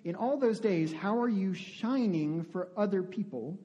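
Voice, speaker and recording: High-voiced pastor with a mellow tone. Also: male voice, lively intonation, a little slow, muffled recording. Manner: conversational, asks the congregation questions. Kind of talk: interactive sermon.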